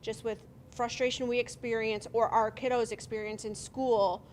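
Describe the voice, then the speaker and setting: A woman social worker talks through her group's ideas one after another in a fairly high voice. A faint rumble sits under the recording. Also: little pitch movement, normal speed. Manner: thoughtful, talkative, lists ideas. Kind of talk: group share-out.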